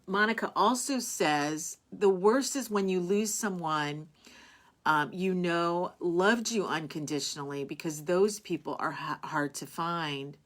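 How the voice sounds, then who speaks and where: Hosting a casual live stream, a woman with a low voice reads out viewer comments in a warm, heartfelt way. She rambles with plenty of fillers and restarts and becomes tearful at times.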